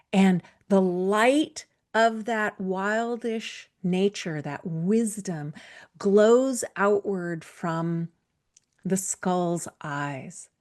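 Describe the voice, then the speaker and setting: A woman podcast host slowly narrating a fairytale in a reflective way, sometimes dropping to a whisper. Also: mid-range voice. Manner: slow, reflective, drops to a whisper at times. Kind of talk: storytelling narration.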